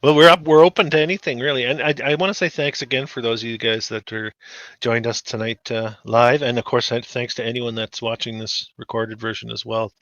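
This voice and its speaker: A man's voice: medium pitch, little pitch movement, brisk, a bit bright, no room sound. A man co-hosting a show, chatting in a laid-back, agreeable way. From Western Canada. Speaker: podcast co-host. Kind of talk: casual chat. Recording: dull, dry lo-fi mic.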